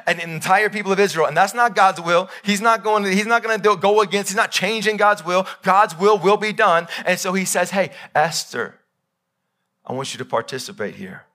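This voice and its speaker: Bright-voiced preaching pastor, loud then hushed. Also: male voice, fairly even intonation, fairly quick, hardly any pauses. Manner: swings between loud emphatic peaks and quiet low passages; voices God and Bible figures in quoted speech. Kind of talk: live sermon. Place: church.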